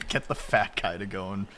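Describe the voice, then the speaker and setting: A male streamer with a lowish voice jokes around and chats casually while gaming with a friend, getting excitable and swearing. A little hiss or hum runs under the recording.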